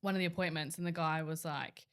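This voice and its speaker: A young woman talks casually and readily on a podcast, in a slightly low voice. She cuts in often, finishing thoughts and carrying the story along. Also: steady tone, clear, resonant tone. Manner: chatty, quick to jump in and finish thoughts. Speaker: podcast guest. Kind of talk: casual chat.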